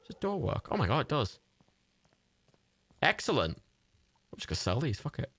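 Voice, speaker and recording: A man giving sweary, excitable, rambling commentary while streaming a game live. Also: medium pitch, normal speed, husky, no echo.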